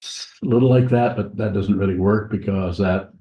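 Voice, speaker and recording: A man giving a Dharma talk as a Buddhist teacher, speaking slowly and haltingly with many pauses and restarts, in a monastery meditation hall. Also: fairly low pitch, fairly even intonation, mellow. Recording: echoey, dull room recording.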